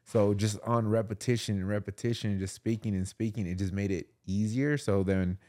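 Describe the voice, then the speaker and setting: A man's voice: on the low side, fairly even intonation, fairly quick, darkish tone. A man who works as a fitness trainer, a guest on a podcast, explaining things in a laid-back way during casual chat.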